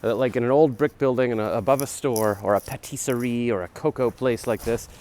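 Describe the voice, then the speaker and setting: A man in his forties talks casually into a phone camera as he jogs along a city street, rambling and self-deprecating. His voice is middle-pitched. Faint street noise sits behind him. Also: steady tone, a little fast, a little mellow. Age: 40s. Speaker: vlogger. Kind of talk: casual rambling vlog while jogging. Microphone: phone camera held while jogging.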